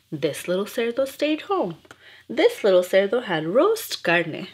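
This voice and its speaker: A woman's voice: mid-range voice, very animated, measured pace, husky. A woman reading nursery rhymes aloud in a playful, rhythmic, sing-song way. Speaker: storyteller.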